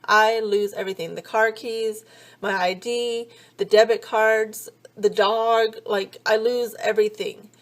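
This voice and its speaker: A woman's voice: fairly high pitch, fairly even intonation, unhurried. A woman in her thirties vlogging, telling funny stories in a chatty, sarcastic way, swearing freely and acting out both sides of each conversation. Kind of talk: casual comedic storytelling.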